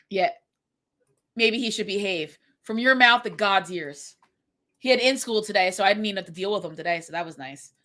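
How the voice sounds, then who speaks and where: A woman in her forties chats at home during a livestream, her voice sharp and bright despite being congested. She rambles chattily, piling on fillers as she tells stories like the teacher she is. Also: mid-range voice, expressive, normal speed, pauses often. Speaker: middle school French teacher. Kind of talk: casual livestream chat during writing sprint.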